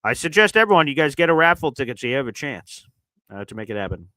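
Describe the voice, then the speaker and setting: A man, a sports podcast host, runs a casual live sports stream, reading super chats in a loose, chatty way full of fillers and swinging from loud to muttering. His mid-range voice is very animated and fast, in a dry, low-quality recording.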